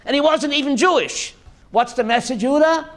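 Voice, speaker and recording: A man, a rabbi, giving a lively Torah class, calling on listeners by name and slipping in Yiddish and Hebrew words. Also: very high voice, brisk. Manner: lively, addresses listeners by name, jokey asides; mixes Yiddish and Hebrew terms. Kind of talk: animated Torah class to a live group.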